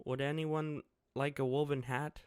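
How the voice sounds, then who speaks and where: A man putting on a tiny orphan girl, high and earnest, pushed up into a childlike register, crisp dry recording. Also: level tone, measured pace, no room sound, close to an everyday voice.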